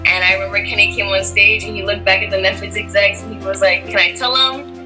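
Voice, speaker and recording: A young woman tells her story in a casual interview, chatty and loose, with "like" and "you know" scattered through every sentence. Music plays clearly behind her at a middle pitch. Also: little pitch movement, fast, poor audio. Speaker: actress interviewee.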